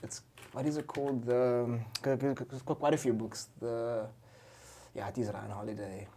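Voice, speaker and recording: A young man, a musician guest on a podcast, telling stories in a loose, excitable way, full of slang and swearing. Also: medium pitch, normal speed. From Cape Town, South Africa. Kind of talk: casual chat.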